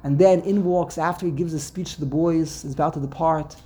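A man's voice: on the high side, fairly even intonation, brisk, mellow. A man casually teaching a class, rambling and repeating words as he tells stories. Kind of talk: casual Torah discussion.

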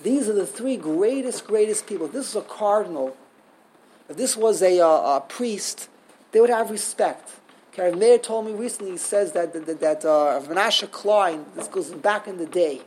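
A man giving a Talmud class lecture, telling stories with animated rhetorical questions and frequent restarts. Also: sits high, normal speed, slight background noise. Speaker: Talmud teacher.

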